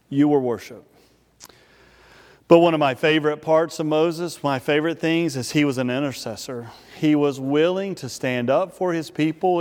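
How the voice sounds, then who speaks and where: Methodist pastor preaching in a reverberant hall. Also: male voice, on the high side. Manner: storytelling with playful asides. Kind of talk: sermon.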